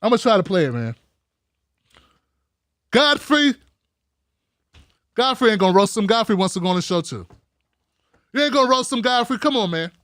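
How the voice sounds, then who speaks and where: A man's voice: sits high, very animated, moderate pace, long pauses, a bit bright, no room sound, studio quality. A man hosting a live show, ranting heatedly and swearing constantly. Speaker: host. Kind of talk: ranting live-stream commentary.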